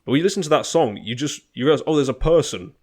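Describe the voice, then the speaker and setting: A man co-hosting a podcast, giving a relaxed, conversational take on an album. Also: a little high, quick pace, breathy edge. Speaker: podcast co-host. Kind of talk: casual album review chat.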